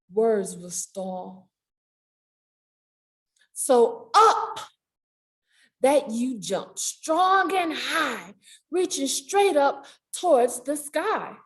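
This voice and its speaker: Slow, animated storytime woman. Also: high-pitched. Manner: animated, sing-song, with playful sound effects. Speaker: children's librarian reading aloud. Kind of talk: children's storytime read-aloud. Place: public library.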